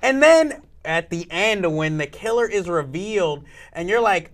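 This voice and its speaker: A man's voice: high-pitched, lively intonation, normal speed, fairly bright tone. A man co-hosting a film review show, talking casually and mocking a cheesy film with an exasperated tone. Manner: exasperated, laughing, mocks cliches. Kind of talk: casual group chat. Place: public access TV studio.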